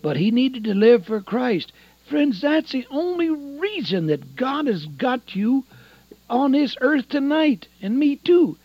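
Older preacher, husky and dynamic. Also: male voice, dry recording, muffled recording. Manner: swings between loud emphasis and hushed low asides. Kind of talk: sermon.

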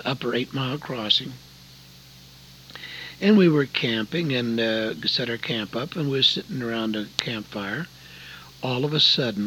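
Folksy older preacher telling stories. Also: male voice, medium pitch, a little hiss or hum, poor audio. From Oregon, USA. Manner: folksy, earnest storytelling with sudden loud emphasis. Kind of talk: sermon with storytelling.

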